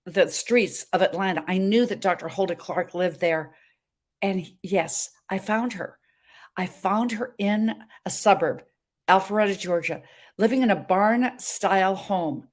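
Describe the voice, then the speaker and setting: Emphatic woman in her seventies, hosting. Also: mid-range voice. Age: 70s. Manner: emphatic, dramatic storytelling. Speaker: show host. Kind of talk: talk show monologue. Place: hotel room.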